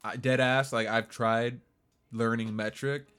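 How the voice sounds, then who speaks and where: Loud, laughing man in his twenties. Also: mid-range voice, little pitch movement, measured pace, smooth, soft background music. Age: 20s. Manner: loud, laughing, profane banter. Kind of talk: casual chat.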